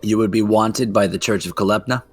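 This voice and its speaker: A man's voice: lowish voice, a little fast. A man playing a tabletop game who questions another character bluntly, in character. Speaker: player.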